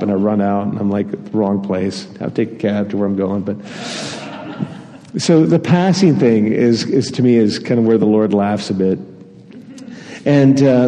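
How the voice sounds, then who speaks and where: A man's voice: medium pitch, dark tone. A man preaching a sermon in a church hall, telling stories with a self-deprecating manner and frequent chuckles. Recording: long hall reverb.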